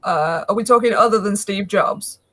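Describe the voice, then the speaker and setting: A woman's voice: medium pitch, moderate pace, fairly bright tone. A woman hosting a podcast in casual conversation, easygoing and laughing often. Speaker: podcast host.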